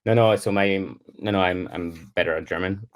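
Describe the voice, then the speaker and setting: A man's voice: sits low, steady tone, brisk. A middle-aged man from Switzerland with a Swiss French accent, chatting as a podcast guest over a remote call connection and searching for English words with many fillers and restarts. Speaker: guest curler. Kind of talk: casual podcast interview.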